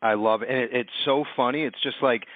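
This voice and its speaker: A man's voice: medium pitch, fairly even intonation, a little fast, no echo. Eager male podcast host on a tinny line. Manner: enthusiastic, repeats "I love it". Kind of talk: casual podcast chat. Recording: tinny phone-like line, dry.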